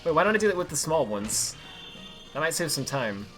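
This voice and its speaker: A man streaming himself playing a game, chatting casually and yelling in frustration when play goes wrong. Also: a little high, a little fast. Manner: excitable, yells at the game when things go wrong. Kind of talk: live-streamed gameplay commentary. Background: faint game music.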